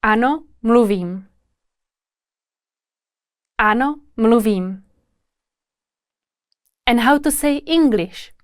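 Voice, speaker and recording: A woman language teacher who speaks slowly and carefully, saying each word twice in a lesson drill. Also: a little high, expressive, smooth, no echo, studio quality.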